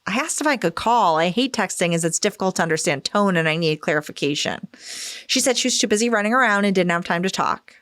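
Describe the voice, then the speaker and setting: A woman's voice: medium pitch, expressive, fast talker, fairly bright tone, no room sound, studio quality. A woman podcast host reading a listener's story aloud, expressively acting out the quoted lines.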